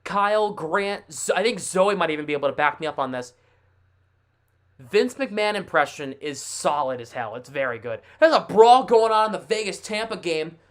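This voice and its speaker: A man hosting a casual live sports stream, thinking aloud in a chatty, excitable way. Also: fairly high pitch, moderate pace. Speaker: livestream host.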